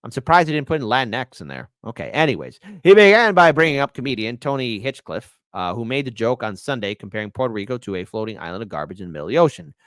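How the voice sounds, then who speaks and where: A mid-range, sing-song voice rattles along quickly with few pauses, clean studio sound, and no room noise. The man hosts casual political commentary, reading articles aloud and mocking them sarcastically, shifting from loud bursts to mutters.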